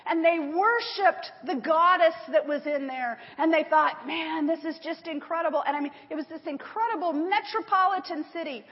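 A woman preaches to a congregation, reading scripture and retelling it with lively emphasis. Her voice sits high. The sound is dull and lo-fi, ringing in a large hall. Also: moderate pace, few pauses. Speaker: Bible teacher. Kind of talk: sermon with slides.

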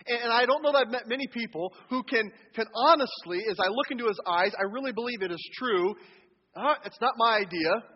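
High-voiced male pastor in a reverberant hall. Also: fast talker, few pauses, husky. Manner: humorous, acts out quoted inner voices. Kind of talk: sermon. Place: church sanctuary. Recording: long hall reverb, dull lo-fi sound.

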